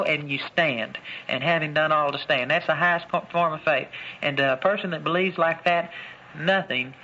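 A man teaching a Bible lesson in an emphatic preaching style, repeating key phrases and slowing down to stress words. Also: on the high side, pushed and bright, highs cut off, slight background noise.

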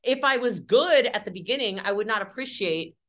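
This is a woman entrepreneur giving a lively, candid interview about sales. Her voice is bright and a bit sharp. She talks with emphatic energy, sprinkling in fillers and quick acted-out scenes. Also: mid-range voice, a little hiss or hum. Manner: energetic, chatty, emphatic, acts out little scenes with fillers like "like" and "okay".

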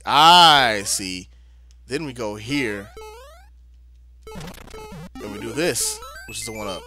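Playing a video game to game music, a young let's-play gamer chats casually in a medium-pitched, slightly bright voice. He talks plenty, muttering to himself in exasperation with a playful drawl.

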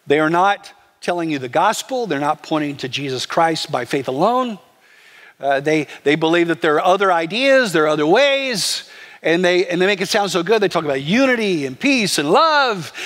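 A male pastor delivers a sermon in a conversational, animated way. His voice sits high, and a long reverb trails his words through the church. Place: church sanctuary.

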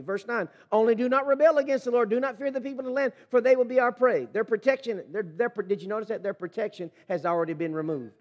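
A man preaching a sermon as pastor, reading scripture and commenting with animated emphasis. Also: very high-pitched, quick pace, hardly any pauses, in a large hall. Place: church sanctuary.

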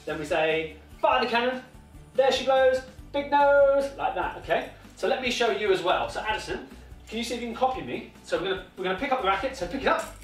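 With a high, animated, fairly bright voice and a quick pace, a British man coaches a toddler in tennis. His encouragement is sing-song and heavy on repeated instructions, heard in an echoey room via a distant mic, faint music behind.

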